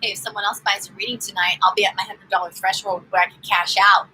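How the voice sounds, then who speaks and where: A woman's voice: medium pitch, steady tone, quick pace, pushed and bright, slight background noise, low-quality recording. A woman giving a live-streamed tarot reading, chatting in an upbeat, casual way straight to her viewers. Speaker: tarot reader.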